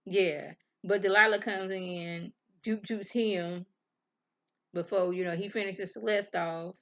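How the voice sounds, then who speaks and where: A woman's voice: mid-range voice, fairly even intonation, takes it slowly, a bit bright, highs cut off. A woman with a Southern US accent casually recapping a TV episode in a chatty, slangy storytelling way. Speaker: TV review vlogger.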